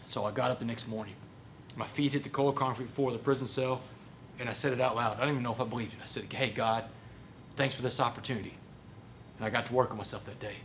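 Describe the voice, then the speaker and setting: A man with a Texan accent giving a motivational storytelling speech. He is animated and folksy, and keeps calling the audience "y'all". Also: mid-range voice, quick pace, slight background noise. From Port Arthur, Texas. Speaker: motivational speaker.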